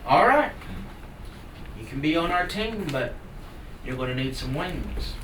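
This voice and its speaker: A man voicing Eagle, a proud bird leader who gives brisk, matter-of-fact orders in a spoken folk tale. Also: on the high side, sing-song, fairly bright tone. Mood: bossy. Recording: roomy room from far off, noisy.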